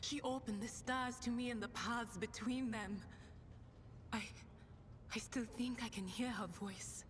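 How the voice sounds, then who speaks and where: An actress playing a proud young female ship navigator, measured and haughty, from a game. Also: fairly even intonation, close to an everyday voice. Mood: wistful. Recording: reverberant game audio with faint rumble.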